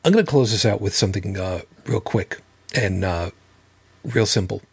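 Male podcast host, husky and dry, blunt and foul-mouthed. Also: on the low side, moderate pace, no echo. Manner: blunt, profane, emphatic. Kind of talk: casual livestream talk.

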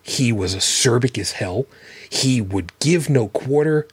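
Male podcast host, husky and dry, blunt and foul-mouthed. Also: medium pitch, expressive, measured pace, no room sound. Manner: blunt, profane, emphatic. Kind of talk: casual livestream talk.

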